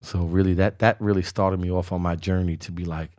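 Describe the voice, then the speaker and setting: A man's voice: deep voice, steady tone, brisk, a little mellow, no room sound, clean studio sound. A man hosting a podcast, earnestly telling a motivational personal story in casual, slangy speech and addressing the listener by name. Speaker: podcast host.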